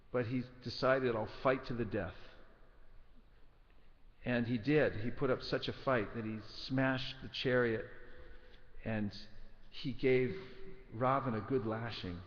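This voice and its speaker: A man giving a scripture class, telling a story in an earnest, measured way. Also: medium pitch, fairly even intonation. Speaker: spiritual teacher. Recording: dull recording in a reverberant hall.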